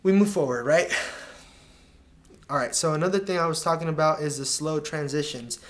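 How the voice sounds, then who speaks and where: A man's voice: a little high, moderate pace. A man commentating over match footage in a casual video breakdown, critiquing players with exasperated asides and slang. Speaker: soccer analyst.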